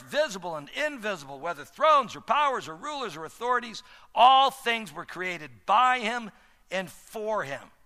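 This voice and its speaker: A male pastor preaching a sermon, swinging between shouted emphasis and hushed, drawn-out words. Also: very high voice. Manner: dramatic, swings from shouting to near-whispers. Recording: long hall reverb.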